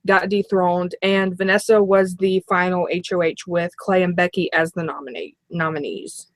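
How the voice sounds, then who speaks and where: A woman's voice: mid-range voice, no echo. A female co-host recapping events in casual chat, rambling with fillers.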